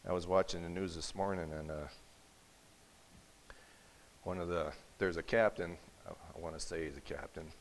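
Very deep-voiced male pastor preaching. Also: steady tone, moderate pace, pauses often, rough recording. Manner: storytelling with acted quotes, rising to forceful emphasis. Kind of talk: sermon. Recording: faint hiss.

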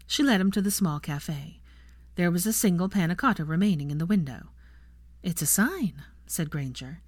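Low-voiced woman reading a story. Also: a little fast, a little mellow, no room sound, studio quality. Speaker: audiobook reader. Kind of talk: fan fiction narration.

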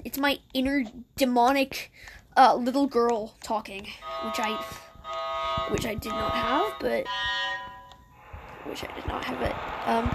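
A woman giving casual gameplay commentary in a chatty, sarcastic way with muttered asides. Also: high voice. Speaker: gameplay streamer.

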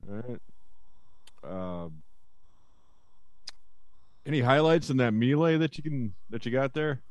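A man co-hosting a casual podcast chat, relaxed and rambling with lots of fillers. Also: medium pitch, takes it slowly, no room sound, highs cut off. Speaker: podcast co-host. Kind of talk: casual wrestling review chat.

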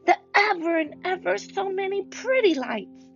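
A woman voicing a small, earnest little girl who talks slowly and wonderingly. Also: extremely high pitch, animated, creaky, lo-fi sound, faint music behind, pitched above the performer's own voice, exaggerated voice. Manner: slow, wide-eyed, pleading.

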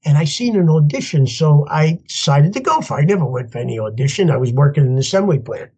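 Husky older man telling his story. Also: fairly high pitch, fast talker, highs cut off. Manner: animated, laughs as he tells stories, acts out voices in quotes. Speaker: podcast guest. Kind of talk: storytelling interview.

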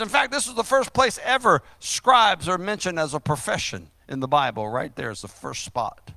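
A man preaching a fiery sermon, emphatic, swinging between loud stresses and quiet asides. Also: high-pitched, expressive, vocal fry, no room sound. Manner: emphatic, rising and dropping loudness, drawn-out stresses.

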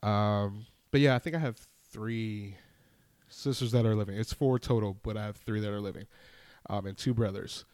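A man's voice: fairly low pitch, moderate pace, clear, resonant tone, dry recording. A young man, hosting a podcast and telling a candid personal story in a casual monologue. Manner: candid, storytelling with animated acted-out quotes and swearing. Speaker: podcast host.

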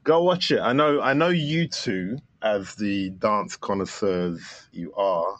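A man's voice: fairly low pitch, slow pace, fairly bright tone, no room sound. A man guest on a podcast, talking casually and enthusiastically with many fillers about his film. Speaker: filmmaker guest.

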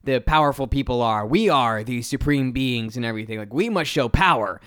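A man reading lines as a stern adult male Martian leader, in a lowered, flat, commanding delivery. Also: a little fast, clear, resonant tone, no room sound, clean studio sound, close to an everyday voice.

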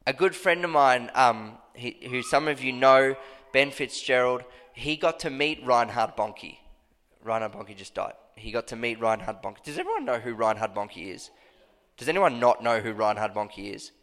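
A man preaching a sermon to his church with passion, now and then bursting into high, emphatic cries. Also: lively intonation, normal speed, fairly bright tone. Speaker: pastor. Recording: long hall reverb.

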